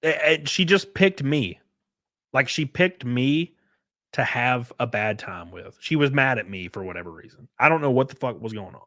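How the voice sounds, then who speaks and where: A man's voice: mid-range voice, animated, normal speed, fairly bright tone, no room sound, studio quality. A man casually telling stories on his livestream, laid back and swearing freely. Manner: profane, laid-back storytelling. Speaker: streamer.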